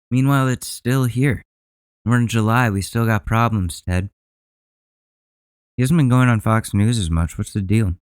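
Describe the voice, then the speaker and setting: A podcast host in a casual, rambling rant, joking and often trailing off. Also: male voice, lowish voice, darkish tone, smooth, no room sound.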